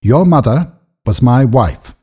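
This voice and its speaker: A man voicing a wealthy gentleman in a storybook reading, speaking in a persuasive, earnest way. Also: mid-range voice, lively intonation, slow pace, slightly rough, full character voice. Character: wealthy gentleman, pleading then agitated.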